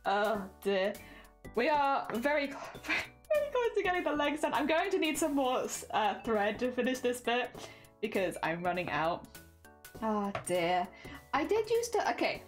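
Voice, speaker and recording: Crafting on a live stream, this young woman from Britain talks with her viewers in a fairly high voice. Her chat is relaxed and self-deprecating, punctuated by frequent sighs of "oh dear".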